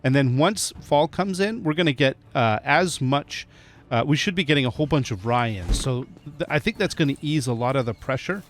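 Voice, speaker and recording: A man's voice: medium pitch, expressive, moderate pace. A man giving casual, chatty gameplay commentary, often laughing and talking to the animals in the game. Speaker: gameplay streamer. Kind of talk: casual let's-play commentary.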